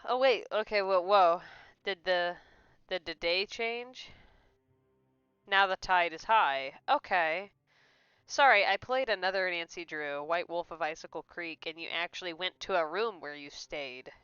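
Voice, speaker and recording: A woman's voice: lowish voice, unhurried, a bit bright, clean tone, dry recording, dull audio. A woman streaming a mystery game, chatting, giggling and reading instructions aloud. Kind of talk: let's play commentary.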